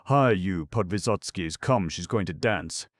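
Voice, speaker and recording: A man voicing a drunk, passionate young man who talks loud and blustering. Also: a bass voice, expressive, measured pace, dry recording, clean studio sound, exaggerated voice. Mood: shouting. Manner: blustering, raised voice.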